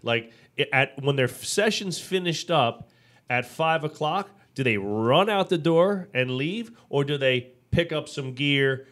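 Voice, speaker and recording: A man's voice: on the high side, unhurried. A man co-hosting a casual business podcast, telling stories with animation, acting out quotes and restarting his sentences often. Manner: animated storytelling, acts out quotes; frequent restarts and fillers. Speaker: podcast co-host.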